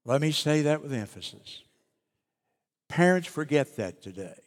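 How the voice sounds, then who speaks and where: Guy preaching in a church, kinda high voice, big echo, leans hard on words then goes quiet. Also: sing-song. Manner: emphatic preaching, slowing and dropping soft on key phrases. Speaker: pastor. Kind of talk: sermon. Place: church sanctuary. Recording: long reverb of a church hall.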